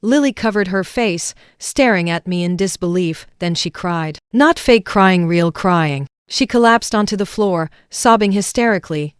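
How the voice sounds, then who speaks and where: A woman narrating a first-person drama story in a calm, even way. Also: medium pitch, normal speed, few pauses, clear, resonant tone, no room sound, clean studio sound.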